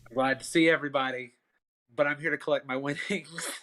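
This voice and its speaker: A man's voice: on the high side, steady tone, fast, fairly bright tone. A man playing a tabletop game, describing his character's actions in a laid-back, hesitant way. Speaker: player. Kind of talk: casual tabletop play.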